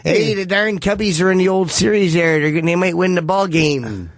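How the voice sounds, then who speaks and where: A loud, cartoonish Chicago sports fan who blusters about his team, as a man puts him on. The voice sits a little high, with a thick, exaggerated mock-Chicago accent. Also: fairly quick, no room sound. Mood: goofy.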